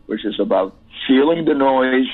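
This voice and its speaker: A man's voice: medium pitch, lively intonation, moderate pace, a little hiss or hum. A man, a musician guest, talking at length in an interview, rambling and reflective with frequent restarts. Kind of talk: interview over the phone. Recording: tinny phone line.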